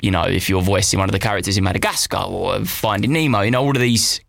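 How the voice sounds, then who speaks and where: A man's voice: on the low side, quick pace, vocal fry, dry recording. A British man co-hosting a podcast, chatting casually and rambling with plenty of fillers. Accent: British English. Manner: relaxed, rambling with many fillers. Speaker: podcast co-host. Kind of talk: casual chat.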